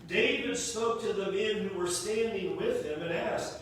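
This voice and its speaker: A male preacher giving a sermon in a church sanctuary. He tells the story in an animated way and acts out the quoted lines. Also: high voice, a little slow, slight background noise. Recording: echoey hall, mic from a distance.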